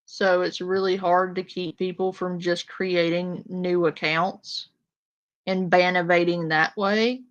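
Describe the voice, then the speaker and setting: A woman holds forth to her live chat in a slow, deliberate way, blunt and openly confrontational. Her audio is dull and lo-fi, as if from a cheap mic. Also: lowish voice, little pitch movement. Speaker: commentary streamer. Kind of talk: casual live-stream commentary.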